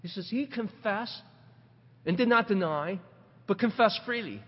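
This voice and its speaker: A middle-aged man preaching a sermon, animated, asking rhetorical questions and repeating words as he builds his points. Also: high-pitched, a little slow, breathy edge. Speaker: pastor. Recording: dull recording with long hall reverb.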